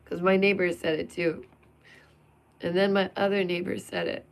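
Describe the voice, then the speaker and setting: A woman's voice: lowish voice, little pitch movement, moderate pace, creaky. A woman vlogger venting in an emphatic, sarcastic monologue full of rhetorical questions.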